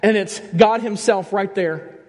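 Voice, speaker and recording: High-voiced man preaching in an echoing hall. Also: measured pace. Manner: animated preaching, rising and falling, direct questions to the congregation. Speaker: pastor. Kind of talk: sermon. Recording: long reverb of a church hall.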